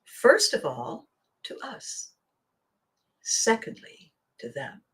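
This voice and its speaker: A woman's voice: deep voice, slow. Middle-aged woman podcast host, storytelling, voice swoops up and down a lot, laughs a bunch. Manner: animated, laughs often while telling a story. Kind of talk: storytelling monologue.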